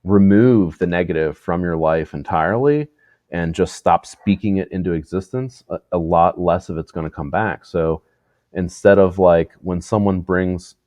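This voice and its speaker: Low-voiced man chatting on a podcast. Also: moderate pace, no room sound, highs cut off. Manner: swears freely, laughs often, animated storytelling. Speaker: podcast co-host. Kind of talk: casual chat.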